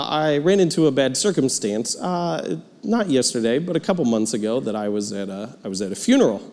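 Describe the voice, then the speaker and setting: A man's voice: medium pitch, big-room sound. A man preaching a sermon as pastor in a church, cheerful and storytelling. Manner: cheerful, animated storytelling with laughs. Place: church sanctuary.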